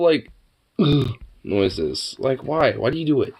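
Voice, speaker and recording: A man's voice: medium pitch, very animated, takes it slowly, darkish tone, breathy edge. A young man vlogging casually, talking to his dog in cooing baby talk and swearing offhandedly.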